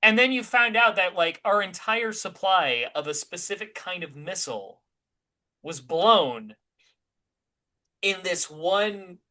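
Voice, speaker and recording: A man's voice: high voice, expressive, slow, bright, forceful tone. A man from California co-hosting a casual podcast, laid-back, laughing a lot and swearing. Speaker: podcast co-host. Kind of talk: casual political podcast chat.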